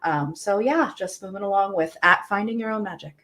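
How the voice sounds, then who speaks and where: A woman's voice: mid-range voice, brisk, fairly bright tone. A woman from New Jersey on a podcast, upbeat and plain-spoken as she talks about herself. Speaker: podcast co-host. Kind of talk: casual group chat.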